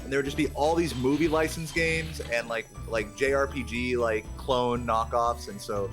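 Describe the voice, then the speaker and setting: A man rambles through casual speedrun commentary, joking and animated, often trailing off into asides. His voice sits at an ordinary middle pitch, and faint music plays underneath. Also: normal speed. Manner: jokey, animated, rambling with lots of "like".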